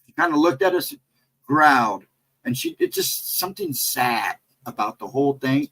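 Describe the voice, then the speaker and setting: A middle-aged American man hosting a casual livestream, telling a story in a rambling, animated way and reading out chat messages. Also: medium pitch, normal speed, creaky, rough recording. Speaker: livestream host.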